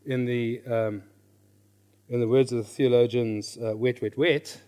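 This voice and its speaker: A middle-aged man teaching a class on reading scripture. He is lively, questions his listeners, and repeats his key phrases. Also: medium pitch, measured pace, clear, resonant tone. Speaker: Bible teacher.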